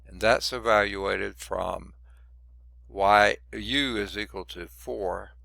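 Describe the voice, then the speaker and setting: A man who is losing his voice teaches a math lesson, working through each step out loud with muttered asides. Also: lowish voice, fairly even intonation, slow pace, gravelly, no room sound. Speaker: math instructor. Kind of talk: recorded lecture working through problems.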